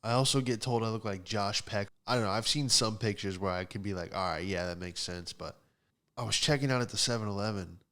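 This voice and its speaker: A man's voice: on the low side, brisk, a bit bright. A young man who hosts a comedy podcast, delivering a sarcastic, ranting stand-up style monologue.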